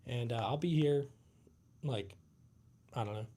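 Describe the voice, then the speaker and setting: A man's voice: mid-range voice, mellow. Tired laid-back man hosting a live stream. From United States. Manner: laid-back, halting, with frequent fillers and restarts. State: tired, yawning. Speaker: livestream host.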